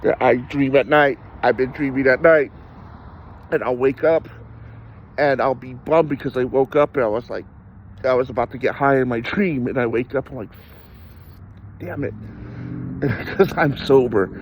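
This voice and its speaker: A man's voice: mid-range voice, moderate pace, dull audio, slight background noise. An adult man talking candidly in casual conversation, rambling and self-deprecating, often laughing and restarting his sentences. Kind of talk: candid personal storytelling in conversation.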